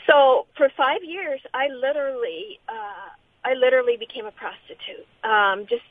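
A middle-aged woman giving a personal testimony as an interview guest, speaking in a halting, earnest way with many restarts. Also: high voice, animated, no echo. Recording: tinny phone-line sound.

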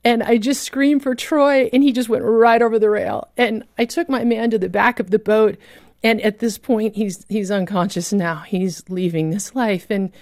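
A woman's voice: medium pitch, steady tone, normal speed, a little mellow, dry recording, studio quality. A woman recounting a dramatic personal rescue story as a guest, vivid and emotional in her telling.

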